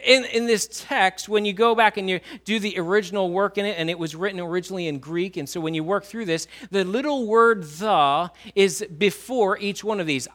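A man preaching a sermon in a church, swinging between loud emphasis and quiet low lines and drawing answers from the congregation. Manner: asks the congregation questions and writes on a whiteboard. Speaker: pastor.

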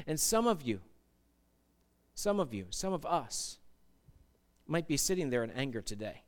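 A male pastor preaching a sermon in a church, animated and acting out panicked voices. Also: sits high, unhurried, clear, resonant tone.

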